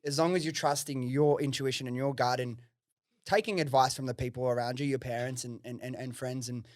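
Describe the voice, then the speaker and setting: Guy hosting a chat, quick, rambly, keeps repeating words, dry close mic. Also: mid-range voice, fairly even intonation, dry recording. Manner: rambling, repeats words while searching for them. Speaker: podcast host. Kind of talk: casual interview.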